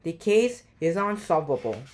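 A woman's voice: fairly low pitch, sing-song, unhurried, darkish tone. A woman reading as a bubbly pink-loving girl detective.

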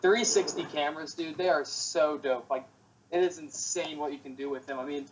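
A man's voice: fairly high pitch, moderate pace, a little hiss or hum, poor audio. Laid-back young man rambling casually. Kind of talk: casual chat.

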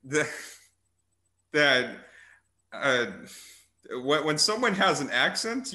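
A young man hosting a casual movie chat in a bright, forward voice. He rambles along in amused tangents, restarting his sentences and piling up filler words as he goes. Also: mid-range voice. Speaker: podcast host reviewing movies.

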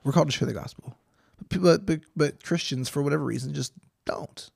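A man's voice: fairly high pitch, fairly quick, creaky, slightly rough, no echo, clean studio sound. A young man hosting a Bible study podcast, reading scripture and chatting casually with jokes and frequent restarts. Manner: chatty, jokey, self-interrupting.

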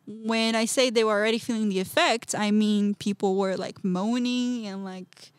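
Animated woman telling a story. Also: medium pitch, normal speed, smooth, no echo, studio quality. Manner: animated, laughs often, acts out quoted speech. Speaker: podcast guest, artist. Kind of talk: personal storytelling.

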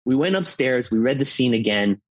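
A man in his fifties, an actor, chatting casually and telling animated stories. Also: mid-range voice, brisk, no room sound, muffled recording. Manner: animated storyteller, acts out quotes. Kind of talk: casual chat.

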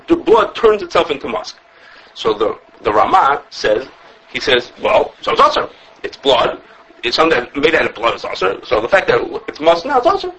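A man teaching an informal religious law class, talking fast with lots of restarts and acting out the sources he quotes. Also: mid-range voice, fairly bright tone, breathy edge, rough recording. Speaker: Torah teacher.

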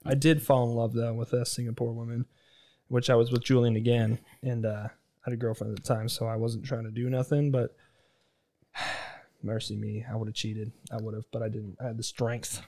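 A young man in his twenties tells loose, profane stories in a relaxed chat. His tone is mellow and warm, and he keeps slipping into quick impressions of the people he is quoting. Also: mid-range voice. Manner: rambling, profane, acts out quoted voices. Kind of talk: casual storytelling chat.

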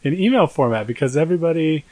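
A young podcast co-host with an expressive voice on the high side, slightly mellow, talks fast as he spins a long, rambling story. He's self-deprecating and acts out the voices of people he quotes, recorded with no room sound.

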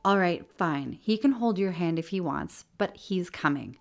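A woman's voice: on the low side, expressive, moderate pace, gravelly. A woman doing a bossy kid brother. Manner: brash, dismissive.

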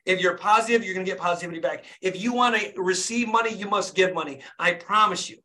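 A man's voice: high voice, fast talker, pushed and bright. A fired-up young man, a dentist, hosting a group video call and urging listeners on with repetitive, preachy motivation.

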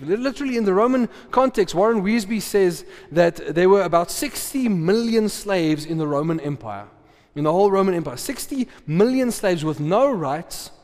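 A man preaching in a casual, chatty way, tossing questions at the congregation and laughing easily. His voice sits a little high for a man. A long reverb trails each phrase through the hall. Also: a little mellow. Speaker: pastor. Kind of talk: sermon.

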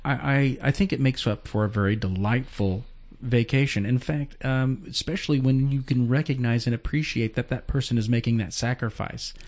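A man in his forties co-hosts a relaxed podcast chat, chiming in with agreeable affirmations and rambling thoughts. His voice sits at a plain middle pitch for a man. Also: moderate pace. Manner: easygoing, agreeable, with frequent affirmations. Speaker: podcast co-host. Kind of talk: casual family chat.

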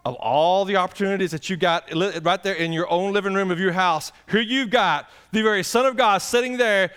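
A man's voice: high-pitched, brisk, fairly bright tone, clear, resonant tone. A man, a pastor preaching a folksy, conversational sermon and putting direct questions to the congregation.

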